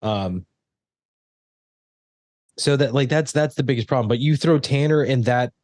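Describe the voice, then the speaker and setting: A man hosting a casual film podcast, talking in halting bursts full of fillers and restarts. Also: mid-range voice, a little mellow, dry recording. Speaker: podcast host. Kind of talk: casual chat.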